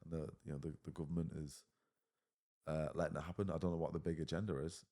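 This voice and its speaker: A man in his thirties with an English accent speaks as a podcast guest, his voice sitting low and his words coming out quickly. He is blunt and swears freely, and he drops "mate" into almost every thought. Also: level tone, warm tone. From England. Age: 30s. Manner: blunt, heavy swearing, says mate often. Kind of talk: casual conversation.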